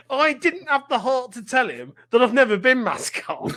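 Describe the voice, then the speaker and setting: A man's voice: extremely high pitch, big pitch swings, moderate pace, pushed and bright. A middle-aged English man co-hosting a casual pub-style podcast, telling stories and often laughing as he talks. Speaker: podcast co-host.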